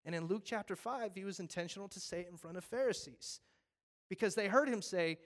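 A man preaching a sermon, animated, acting out scenes with voices and pleading earnestly. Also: high voice, a little fast. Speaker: pastor.

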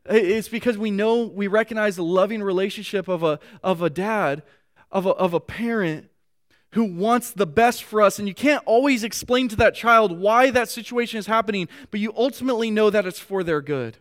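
High-voiced earnest male pastor preaching. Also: normal speed. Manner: earnest, repeats words while reaching for thoughts; reads scripture aloud with feeling. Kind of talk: sermon.

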